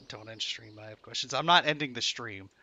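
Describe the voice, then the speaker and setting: A man's voice: mid-range voice, noisy background. A young man streaming a game from his room at home, ranting and swearing to his chat in frustration. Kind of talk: frustrated live-stream commentary.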